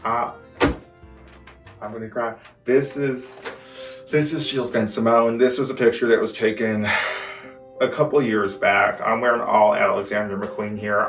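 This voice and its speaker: A man's voice: on the low side, echoey room, recorded from a distance, lightly acted. A man playing a teary celebrity Bigfoot. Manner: emotional, grateful, gushing like a star in a fashion interview. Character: gushing sentimental celebrity male Bigfoot, giant fashion icon. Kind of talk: comedy sketch.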